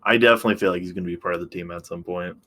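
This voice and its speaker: A young man co-hosts a casual podcast in a somewhat low voice. His talk is loose and joking, packed with fillers as he works through his thoughts. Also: steady tone, very fast, a bit bright. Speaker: podcast co-host. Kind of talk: casual chat.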